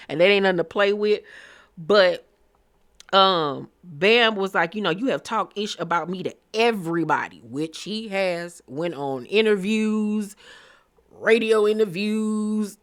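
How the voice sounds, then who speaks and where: A woman's voice: mid-range voice, a bit bright. A woman giving a casual, blunt and sassy recap of a reality TV episode, acting out the cast's lines as she goes. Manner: sassy, blunt, quotes cast members mid-story. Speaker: recap vlogger.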